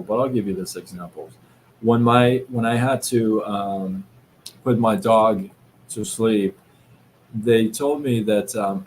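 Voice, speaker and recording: A man hosting a live stream, giving a casual motivational talk in a slow, reflective way, with many fillers and restarts. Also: fairly low pitch, darkish tone, a little hiss or hum. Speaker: livestream host. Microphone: live-stream setup.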